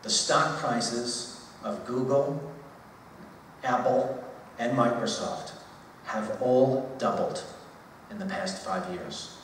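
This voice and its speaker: Giving a university talk in a lecture hall, a man in his forties speaks slowly in a mid-range, fairly bright voice, pausing often and repeating words for emphasis in an emphatic, conversational style. The recording has slight background noise, an echoey hall and a far-off voice.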